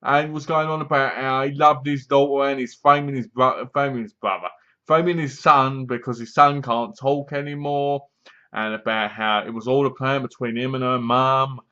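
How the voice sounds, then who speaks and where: A man's voice: mid-range voice, fairly even intonation, normal speed, bright, forceful tone, lo-fi sound. A man reviewing a horror film in a casual, rambling, sarcastic way. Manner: sarcastic, mocking, meandering.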